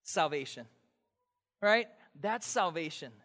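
A high, bright-voiced middle-aged man preaches in a church, his words ringing with long hall reverb. He tells stories with lively energy and suddenly acts out shouted calls. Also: takes it slowly. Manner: animated storytelling with acted-out shouts. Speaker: pastor. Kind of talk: sermon.

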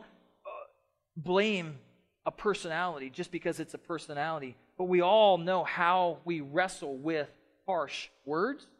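A middle-aged man preaching a sermon as pastor, passionate, shifting between loud emphatic stretches and soft quiet ones. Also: fairly high pitch.

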